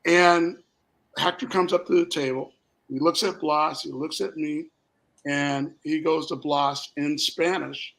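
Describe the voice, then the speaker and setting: Gravelly man telling stories. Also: fairly high pitch, steady tone, measured pace, fairly bright tone, poor audio. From Minnesota, USA. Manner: rambling anecdotes, acts out quoted voices. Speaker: guest, spirits company founder. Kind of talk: casual storytelling.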